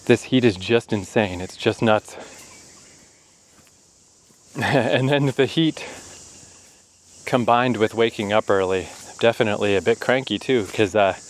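A man's voice: lowish voice, unhurried, pauses often, low-quality recording. A man narrating a vlog while hiking a hot forest trail, sweaty and short of breath, chatty and self-mocking with bursts of swearing. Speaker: vlogger.

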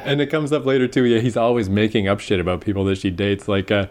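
Low-voiced man rambling through a recap. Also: fairly even intonation, fast talker, a little mellow. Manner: rambling, laughs often, swears freely. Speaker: podcast co-host. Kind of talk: casual TV recap chat.

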